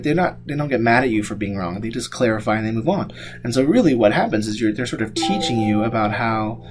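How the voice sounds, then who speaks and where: A man giving a classroom lecture, talking loosely with many fillers and restarts. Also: mid-range voice. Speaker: instructor.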